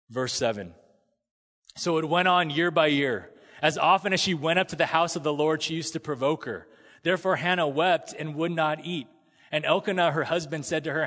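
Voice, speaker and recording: A man preaching a sermon in a conversational, animated way, sometimes acting out the people in the story. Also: a little high. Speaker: pastor. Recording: long hall reverb.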